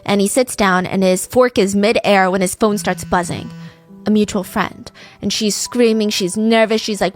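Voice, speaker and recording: A woman's voice: mid-range voice, fairly even intonation, normal speed, faint music behind. A woman hosting a true crime podcast, telling the case in a casual, conversational way with frequent fillers.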